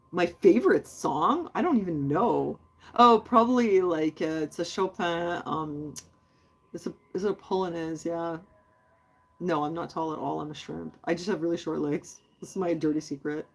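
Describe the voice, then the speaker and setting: A woman's voice: lowish voice, vocal fry. A woman hosting a casual livestream, chatty and rambling as she answers her viewers. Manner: chatty and rambling, many fillers. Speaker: host.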